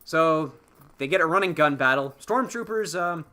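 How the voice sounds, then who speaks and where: A podcast host retelling a movie scene by scene with crude humor. His voice is very bright and keen-edged, set a touch high for a man, and it swings widely in pitch as he narrates. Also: normal speed. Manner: animated, profane storytelling with acted-out character quotes. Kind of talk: casual spoiler-filled film recap.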